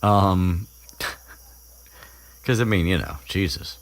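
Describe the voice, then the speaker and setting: A man's voice: deep voice, fairly even intonation, very slow, a little hiss or hum. A young man hosting a podcast, recapping a story in a rambling, casual way, chuckling and swearing freely. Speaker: podcast host.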